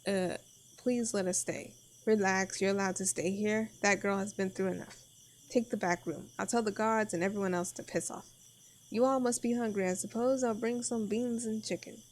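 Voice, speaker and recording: A woman voicing a grumpy male village barkeep in a visual novel, blunt and gruff. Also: medium pitch, steady tone, moderate pace, darkish tone, a little hiss or hum, close to an everyday voice.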